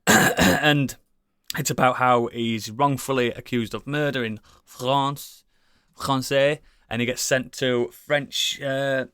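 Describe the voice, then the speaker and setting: A man chatting casually as a podcast co-host, rambling and enthusiastic, swearing often and filling pauses with ums and likes. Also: mid-range voice, fairly even intonation, pushed and bright, clean tone, no room sound, studio quality. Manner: rambling, enthusiastic, swears a lot, many fillers. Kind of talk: casual chat.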